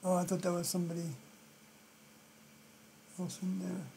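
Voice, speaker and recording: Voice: medium pitch, monotone, moderate pace, gravelly, slight background noise. Rambling New York-accented stream host. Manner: rambling, thinking aloud, trails off softly. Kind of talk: livestreamed scripture commentary.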